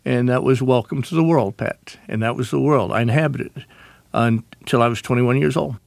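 A man, a radio interview guest telling animated stories and acting out the voices of family members. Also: mid-range voice, moderate pace, creaky, no room sound. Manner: animated storyteller, acts out quoted voices.

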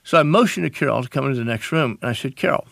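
Gravelly man telling stories. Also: mid-range voice, very fast, no echo, studio quality. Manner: animated storyteller, acts out quoted voices. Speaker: interview guest, author. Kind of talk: radio interview storytelling.

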